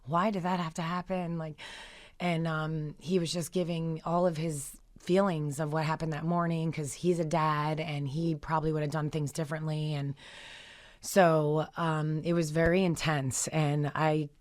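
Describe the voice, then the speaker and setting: A middle-aged woman with a notably low voice tells heartfelt anecdotes as a radio interview guest. She rambles, restarts and fills pauses, and her telling turns emotional. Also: flat delivery, darkish tone. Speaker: guest, founder of a therapy dog group.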